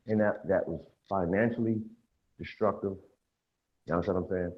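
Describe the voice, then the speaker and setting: A man's voice: sits low, fairly even intonation, normal speed. A man speaking earnestly on a panel, often checking that listeners follow him. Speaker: panel guest. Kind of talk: casual panel discussion. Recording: dull lo-fi line with faint hiss.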